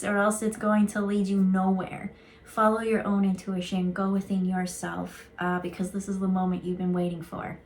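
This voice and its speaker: A woman at a mid pitch chats her way through an intuitive card reading, rambling from thought to thought. She drops in casual swear words. Her talk is loose and unscripted, with a faint hiss of noise behind her.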